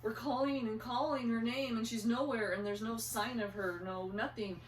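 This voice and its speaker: A woman's voice: fairly high pitch, moderate pace, a little hiss or hum. Older woman telling family stories, roomy. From eastern Idaho. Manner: animated, acts out her own panicked quotes. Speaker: interviewee, mother. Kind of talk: casual storytelling. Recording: roomy and distant.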